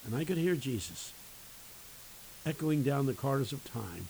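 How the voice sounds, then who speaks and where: A man who teaches at a university, preaching a sermon with emphatic, folksy storytelling and dramatic pauses. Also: medium pitch, expressive, creaky, a little mellow, a little hiss or hum, poor audio.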